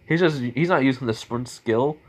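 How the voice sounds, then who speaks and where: A man's voice: mid-range voice, normal speed. A man improvising a spoken fan story in a rambling, casual way, full of restarts and chuckles.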